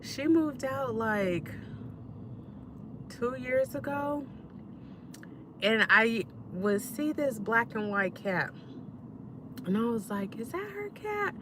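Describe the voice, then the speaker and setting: A woman, telling stories in a relaxed way as she chats to viewers on a live stream. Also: a little high, slow pace, long pauses, noisy background. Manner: relaxed storytelling, talks straight to viewers. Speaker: livestream host. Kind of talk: casual live-stream chat while eating.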